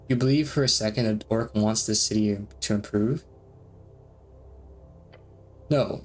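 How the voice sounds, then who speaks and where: A man streaming a game, reading its dialogue aloud between quick reactions and frequent laughs. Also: mid-range voice, a little hiss or hum. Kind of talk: let's-play commentary reading game text aloud.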